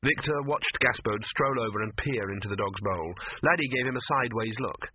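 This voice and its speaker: A man narrating an audiobook in a wry, measured storytelling manner. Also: on the low side, slightly rough. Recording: narrow phone-like audio.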